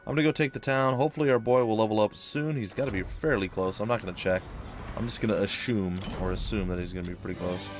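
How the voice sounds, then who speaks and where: A man's voice: fairly low pitch, fast, noisy background. A young man giving casual, wry commentary over a strategy game as he plays. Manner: wry, sarcastic, puts on silly voices for enemies. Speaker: let's play host.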